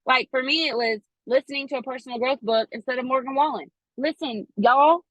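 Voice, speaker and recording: A woman giving a chatty, animated motivational talk to her team, acting out quoted dialogue. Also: high-pitched, a little fast, dry recording, rough recording. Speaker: network marketing team leader speaking to her team.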